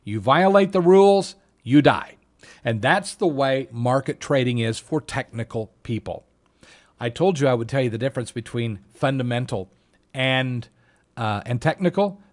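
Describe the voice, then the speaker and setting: A man's voice: medium pitch, expressive, normal speed. A man teaching an online trading class, talking emphatically with a salesman's push and acting out what other traders say. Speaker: trading instructor.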